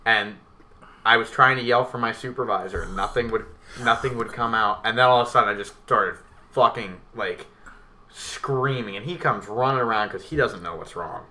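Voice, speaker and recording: A man's voice: fairly low pitch, moderate pace, pushed and bright. A young man casually telling a dramatic story on a podcast, swearing a lot. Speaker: podcast co-host. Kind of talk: casual storytelling over beers.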